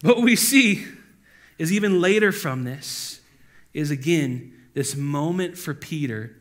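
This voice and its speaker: A man preaching with a slightly high voice and a loose, chatty delivery. He acts out the people he quotes, sometimes bursting out loudly. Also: measured pace. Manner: animated, acting out quoted voices with loud outbursts; conversational, full of "like" and asides. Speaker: pastor. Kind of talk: casual sermon.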